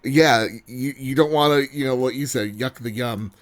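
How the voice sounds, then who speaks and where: A man hosting a podcast in casual chat, joking and animated, with many fillers. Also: medium pitch, normal speed, a little hiss or hum. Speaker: podcast host.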